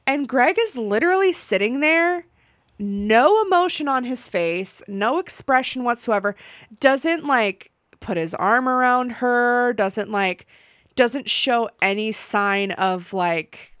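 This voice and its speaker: A young woman hosting a podcast, recapping a reality show in a casual, animated way, swearing and acting out what people said. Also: on the high side, slow, dry recording, clean studio sound. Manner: animated, swearing, acts out quotes. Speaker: podcast host.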